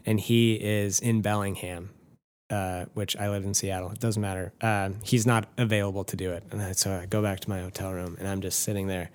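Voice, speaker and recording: Low-voiced man telling a rambling story. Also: level tone, fairly quick. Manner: self-deprecating, swears freely, rambling asides. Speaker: podcast host telling a story. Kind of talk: casual storytelling chat.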